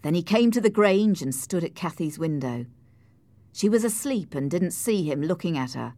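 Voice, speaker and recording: A woman narrating a storybook in a measured, clear reading voice. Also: on the low side, animated, mellow, no echo.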